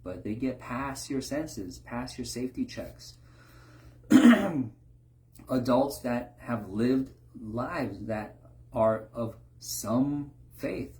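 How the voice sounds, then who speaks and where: A man's voice: mid-range voice, animated, drawn-out words, a little mellow. Man preaching with rhetorical questions. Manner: rhetorical, keeps asking "right?". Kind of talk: informal sermon.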